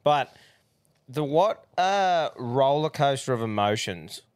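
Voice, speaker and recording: A man's voice: slow pace, clean tone, dry recording, clean studio sound. A man co-hosting a sports podcast in casual chat, telling stories animatedly and swearing a lot. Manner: animated storytelling, heavy swearing, jumps high when excited. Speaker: podcast co-host.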